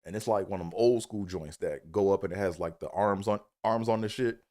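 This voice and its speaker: A man's voice: low voice, fairly quick. Man telling a profane comic story. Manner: profane, animated, acts out quotes in a raised voice. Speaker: comedic storyteller. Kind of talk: casual storytelling monologue.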